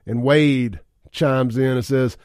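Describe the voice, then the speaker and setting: Chuckling radio host, dry sound. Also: male voice, medium pitch, slow, darkish tone, dry recording. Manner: reads listener texts aloud with frequent chuckles. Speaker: radio talk show host. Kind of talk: casual talk radio. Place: radio studio. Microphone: studio microphone.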